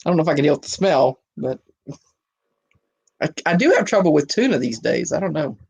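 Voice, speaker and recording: Older woman panelist, lively pitch, laughs through anecdotes. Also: a little fast, gravelly, slightly rough. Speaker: panel member. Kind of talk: casual chat.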